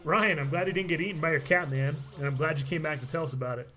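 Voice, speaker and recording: A man's voice: on the high side, fast talker, bright, forceful tone. A man streaming a game live, chatting casually and laughing often, his voice tired from talking all day. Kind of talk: live gameplay commentary.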